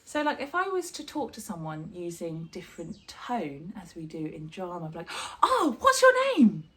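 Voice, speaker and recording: A woman's voice: lowish voice, lively intonation, normal speed. A woman, a drama teacher, giving a chatty and encouraging online sign language lesson.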